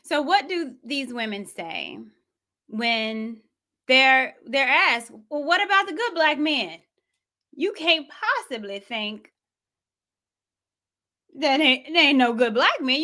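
A woman hosting her own commentary show, sassy and animated, with quick asides. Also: high-pitched. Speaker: host. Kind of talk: commentary vlog.

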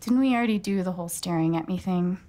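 A woman's voice: on the low side, fast, warm tone, lightly acted. An actress playing a wry, sarcastic young woman, the heroine of a video game. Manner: dry, sarcastic.

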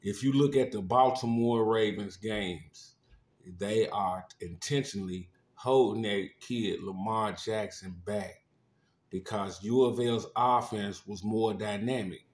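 A man's voice: fairly low pitch, takes it slowly, reverberant. A man analyzing football plays in casual sports talk, stumbling over restarts. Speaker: co-commentator.

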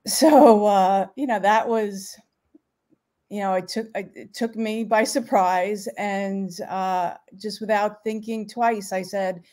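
A middle-aged woman, a parent guest, telling a personal story in a heartfelt, halting way during a live interview. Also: mid-range voice, steady tone, darkish tone.

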